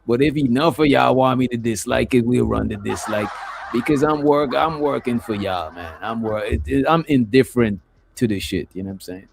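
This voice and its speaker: A man's voice: medium pitch, normal speed, creaky, background noise. A man hosting a livestream, talking loosely with lots of filler phrases. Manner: loose, rambling, with frequent "you know what I'm saying". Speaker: livestream host. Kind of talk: casual livestream commentary.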